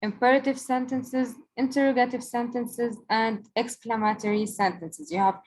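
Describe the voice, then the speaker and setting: A woman teacher with a somewhat high voice walks through worksheet answers in a recorded lesson. She explains patiently and slows right down whenever she reads an example sentence aloud. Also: fairly even intonation, a little mellow, slight background noise, rough recording.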